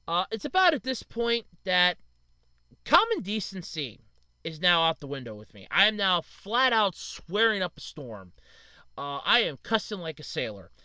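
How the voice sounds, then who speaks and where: A man's voice: high-pitched, wildly swooping pitch, moderate pace, pushed and bright, clean tone, no room sound. A man in his thirties hosting a casual solo podcast, venting in frustration and blaming himself, with lots of "uh". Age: 30s. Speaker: podcast host.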